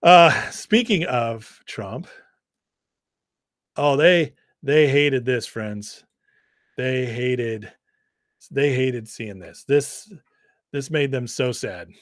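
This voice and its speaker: Chatty deep-voiced male streamer. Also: very slow, pauses often, no echo, clean studio sound. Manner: chatty, laughs often, many fillers and restarts. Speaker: livestream host. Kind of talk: casual political commentary, reading viewer comments.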